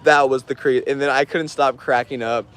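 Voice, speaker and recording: A man's voice: mid-range voice, steady tone, moderate pace, a bit bright, clear, resonant tone. A man telling stories casually on a livestream, rambling with lots of fillers and frequent laughs. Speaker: artist streaming an auction.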